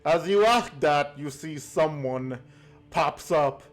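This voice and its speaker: A man narrating as game master of a tabletop game, slow and halting with many fillers. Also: a little high, faint music behind.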